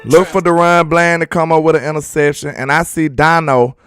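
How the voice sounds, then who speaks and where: A man's voice: on the high side, little pitch movement, a little fast, fairly bright tone, clean tone, no room sound, clean studio sound, soft background music. A young man hosting a casual football livestream, talking loosely to his chat and laughing often. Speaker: sports channel host.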